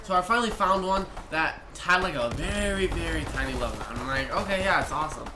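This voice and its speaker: A man's voice: fairly high pitch, fast talker. Young man rambling through a story. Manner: rambling, restarting sentences, lots of "like" and "I'm like". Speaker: vlogger. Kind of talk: casual storytelling to camera. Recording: echoey room with faint noise.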